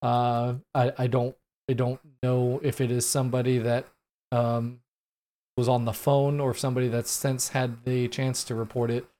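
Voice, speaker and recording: A man in his late thirties giving solo commentary on news events, talking in an earnest, halting way with many fillers and restarts. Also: medium pitch, little pitch movement, mellow. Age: late 30s. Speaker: podcast host.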